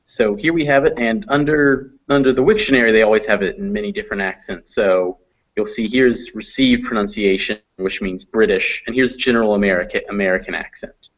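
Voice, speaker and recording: A man teaching English pronunciation in an online class, patiently explaining phonetic symbols and slowing down to demonstrate sounds. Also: on the low side, muffled recording.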